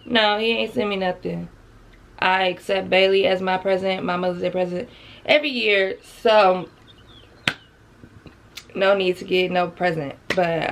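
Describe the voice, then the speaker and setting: A woman talks to her viewers in a slow, unhurried vlog. Her voice has a gravelly fry to it, and she sounds close to tears while staying chatty, calling them y'all. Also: lowish voice, slight background noise. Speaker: vlogger. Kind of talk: heartfelt casual vlog talk.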